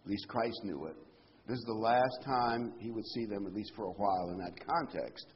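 A man preaching a sermon in a conversational, animated way. His pitch jumps up when he quotes people. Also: normal speed. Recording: dull lo-fi sound with faint noise.

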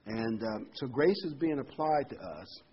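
A man's voice: medium pitch, animated, a little slow, lo-fi sound, slight background noise. A man preaching a folksy, rambling sermon full of homely examples and corny jokes.

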